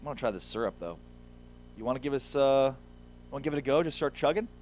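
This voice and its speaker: A man's voice: medium pitch, expressive, fast talker, darkish tone, a little hiss or hum. A man hosting a sports radio show in a studio, bantering playfully and reading sponsor messages. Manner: playful, jokey banter with reads of sponsor spots. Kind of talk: casual sports radio chat.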